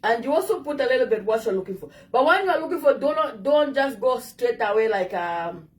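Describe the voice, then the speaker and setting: A woman's voice: sits high, animated, brisk, recorded from a distance. A woman with an African English accent giving direct, coaxing dating advice to her viewers in a casual monologue.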